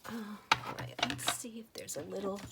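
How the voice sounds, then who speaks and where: A woman softly murmuring to herself as she arranges stamps and paper pieces in a journal, often slipping into a whisper. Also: mid-range voice, steady tone, normal speed, creaky, very noisy. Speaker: journal crafter. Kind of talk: soft-spoken crafting chat.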